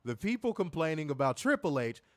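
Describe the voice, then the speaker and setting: A man's voice: fairly high pitch, big pitch swings, brisk, no room sound, studio quality. A man hosting a wrestling review stream, ranting in a profane, mocking, emphatic way. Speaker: wrestling show host. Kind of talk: casual profane rant on a livestream.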